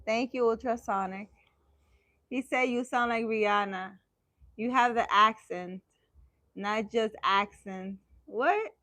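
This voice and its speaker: A woman's voice: fairly high pitch, slow pace, pushed and bright, no room sound. A woman hosting a casual livestream, chatting with viewers in a playful, teasing way. She speaks emphatically and laughs often. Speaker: livestream host answering viewers.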